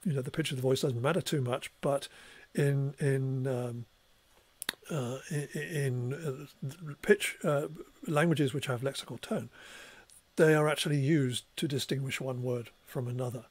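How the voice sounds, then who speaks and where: A male professor giving a recorded tutorial lecture, explaining steadily and clearing his throat now and then. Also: medium pitch, fairly even intonation, a little slow.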